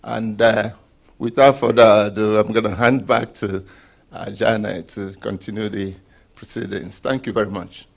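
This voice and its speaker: A man's voice: on the low side, fairly even intonation, normal speed, gravelly, noisy background. A man at a conference, reflecting and giving advice about not quitting, then handing back to the host. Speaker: speaker. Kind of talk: conference speech. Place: conference room.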